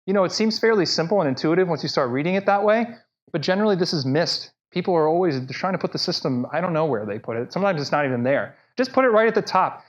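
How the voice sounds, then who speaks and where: A man's voice: a little high, expressive, fast. A man giving a conversational conference presentation who speaks directly to the audience with plenty of energy. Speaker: speaker at a live professional talk. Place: presentation room. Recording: dull lo-fi live talk recording.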